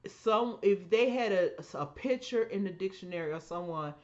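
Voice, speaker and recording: Woman, podcast co-host, casual storytelling, emphatic, acts out voices, middle pitch, dull lo-fi sound. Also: animated, moderate pace.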